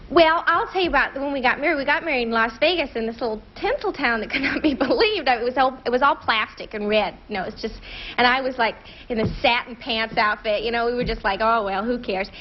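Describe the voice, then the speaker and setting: A woman's voice: a little high, quick pace, a little hiss or hum. A woman telling a rambling, giggly story as a game show guest. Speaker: celebrity guest contestant. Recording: dull 1970s TV recording.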